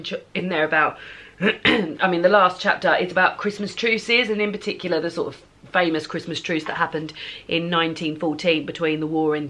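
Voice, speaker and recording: A chatty woman talks through her day in a relaxed home book vlog. Her voice sits a little low, and she wanders between thoughts with frequent ums. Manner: chatty and rambling, with many ums. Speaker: book vlogger. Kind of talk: casual vlog chat.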